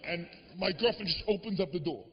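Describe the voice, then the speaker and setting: A man from the Boston area performing a stand-up comedy set, telling stories in an animated, profane way. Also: sits high, a little fast, long reverb tail, lo-fi sound, a crowd in the background.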